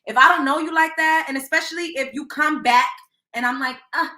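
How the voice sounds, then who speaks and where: A high-pitched, bright young woman gives her blunt take on celebrity gossip, cursing freely and acting out what people said in an animated way. Her voice rings out in an echoey room. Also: brisk. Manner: blunt, animated, swears freely, acts out quotes. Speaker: host of a celebrity gossip livestream. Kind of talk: casual opinionated commentary.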